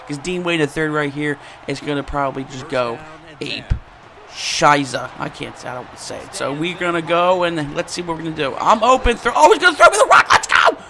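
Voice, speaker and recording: A young man commentating his own football video game play, getting hyped and shouting at big plays. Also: on the high side, creaky. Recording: music playing behind the voice.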